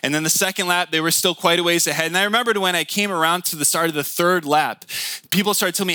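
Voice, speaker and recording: A man's voice: on the high side, fairly quick, sharp tone, no room sound. A man in his thirties preaching a conversational sermon, often asking the listeners questions. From Michigan. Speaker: pastor.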